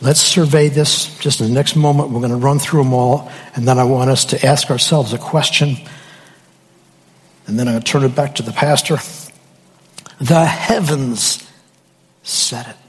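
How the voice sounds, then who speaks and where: A man preaching a sermon slowly and emphatically, with dramatic pauses. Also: mid-range voice, steady tone, husky, in a large hall.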